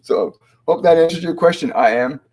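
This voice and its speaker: A man hosting a live-stream spiritual Q&A as a medium, speaking slowly and in a measured way, often halting with fillers and restarts. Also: a little high, a little mellow. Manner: slow, measured delivery when relaying messages.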